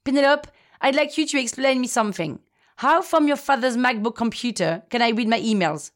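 A woman voicing her older mother, who is proud, bossy and quick to take offence. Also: a little high, close to an everyday voice. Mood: questioning.

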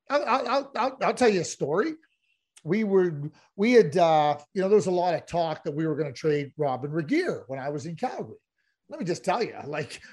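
A middle-aged man co-hosting a hockey podcast, telling stories in casual chat and often repeating words as he gets going. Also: high voice. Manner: storytelling, animated, repeats words. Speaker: podcast co-host, former hockey executive.

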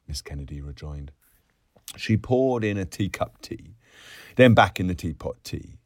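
A man's voice: sits low, lively intonation, measured pace, dry recording. A man reading a novel aloud, lyrical and theatrical, dropping to whispers and rising to bursts. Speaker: audiobook reader.

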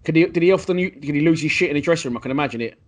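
A man hosting a casual interview, asking quick, chatty leading questions. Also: a little high.

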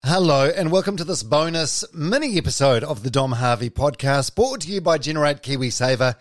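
A man's voice: a little high, animated, dry recording. A man hosting a podcast in a chatty, jokey way. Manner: chatty, jokey, quick to laugh. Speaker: podcast host.

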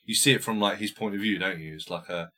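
A man co-hosting a casual film podcast, swearing a lot and acting out scenes in loud put-on voices. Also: lowish voice, fast. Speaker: podcast co-host.

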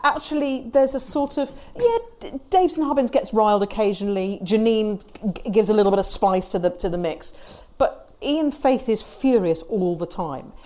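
Woman in lively film chat. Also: medium pitch, moderate pace, few pauses. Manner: thoughtful, animated, laughs often. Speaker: podcast co-host. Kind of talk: casual chat about a film.

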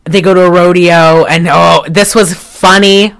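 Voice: mid-range voice, fairly even intonation, unhurried, fairly bright tone. A podcast co-host in a casual chat, retelling a film with lots of fillers and restarts. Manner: rambling, chatty, with many fillers and restarts.

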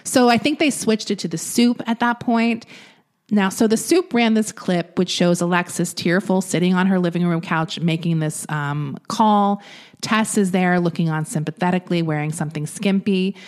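A woman with a fairly low voice casually tells a true-crime story on a podcast. She chats loosely, with frequent laughter and filler words. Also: moderate pace. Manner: chatty, laughs often, uses fillers. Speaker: podcast co-host.

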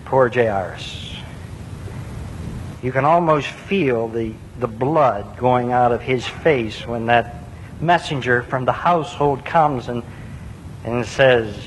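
A man preaching a sermon, earnest and emphatic, with rhetorical questions and repeated words. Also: takes it slowly. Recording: long reverb with faint low rumble.

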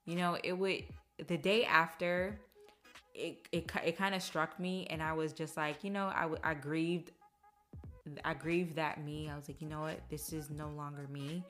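Low-voiced woman chatting on her podcast. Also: normal speed. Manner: chatty, emotional, quotes others in animated voices. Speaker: podcast host. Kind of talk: casual personal monologue. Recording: faint music behind.

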